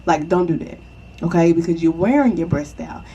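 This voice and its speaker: Mellow-voiced woman giving casual advice. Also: on the low side, moderate pace, breathy edge, dull audio. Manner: chatty, reassuring, repeats "okay?" to the viewer. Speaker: vlogger.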